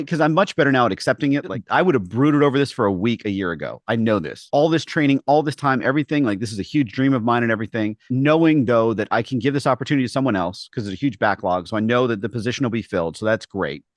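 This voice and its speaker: Man, podcast co-host, mid-pitched voice, animated storyteller, dry close mic. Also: no room sound. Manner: animated, acts out voices in his stories. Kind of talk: casual podcast chat.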